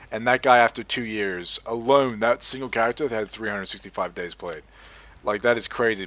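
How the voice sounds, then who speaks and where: Fairly low-pitched with a sharp tone, this young Australian man chats through a gaming headset as he plays. He's a gaming video host who rambles, curses a lot, and relies on plenty of filler words.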